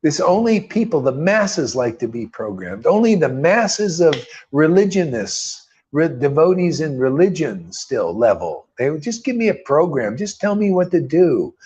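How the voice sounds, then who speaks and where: A man's voice: a little high, sing-song, measured pace, hardly any pauses, a little mellow, muffled recording. A man preaching in a loose, informal way, fervent and rambling, peppering his talk with slang and mocking voices. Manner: mocks others in put-on quoted voices. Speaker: spiritual teacher.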